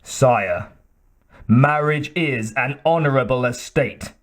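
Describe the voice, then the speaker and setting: A man voicing a sinister male cult priest who speaks softly and without expression. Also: medium pitch, slow, natural voice. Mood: smooth. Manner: soft, toneless, expressionless.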